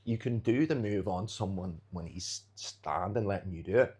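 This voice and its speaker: A man's voice: deep voice, normal speed, a little mellow, husky. A man, a jiu-jitsu fighter, chatting as a podcast guest and animatedly acting out street scenarios. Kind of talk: casual interview chat.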